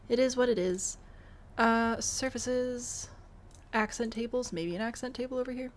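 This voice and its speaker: This young woman from Michigan, with a mild Midwestern accent, casually streams herself building in a game while thinking out loud and replying to chat. Her voice is on the high side, at a moderate pace.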